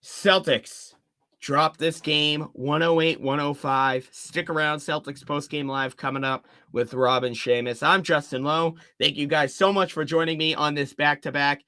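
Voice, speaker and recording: A young man calling a basketball game play by play as an openly partisan fan. His voice sits high and bright, and his delivery is unhurried between plays, with groans and cheers as the action swings. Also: smooth. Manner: excitable, rooting for one team, groans and cheers. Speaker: play-by-play commentator.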